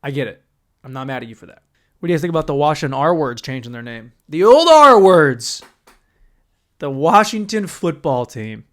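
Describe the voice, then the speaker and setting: A young man hosting a podcast alone, delivering a profane, animated comedic rant and acting out other people's voices. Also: mid-range voice, fast talker. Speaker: podcast host.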